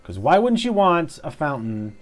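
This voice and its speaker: A man's voice: on the high side, sing-song, normal speed. Guy streaming a park builder, mumbles a lot, swears, bouncy up-and-down voice, faint music behind. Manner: mumbling, swearing, self-deprecating jokes. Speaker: game streamer. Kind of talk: casual gameplay commentary. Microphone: clip-on mic.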